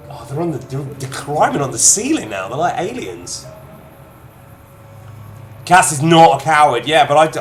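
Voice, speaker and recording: A man giving excitable, chatty let's-play commentary while gaming, addressing viewers. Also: medium pitch. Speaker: gamer streamer. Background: game music.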